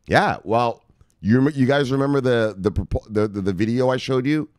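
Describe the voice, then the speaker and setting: A man's voice: mid-range voice, normal speed, clean tone, no room sound, clean studio sound. A man hosting a crypto news show, talking casually with lots of swearing, laughter and playful asides. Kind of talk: casual profane news commentary.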